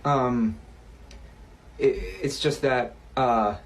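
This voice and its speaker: A man's voice: mid-range voice, fairly even intonation, extremely slow. A man playing a flustered, stammering waiter. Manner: hesitant and stammering. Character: flustered young male restaurant server. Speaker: waiter in a comedy sketch.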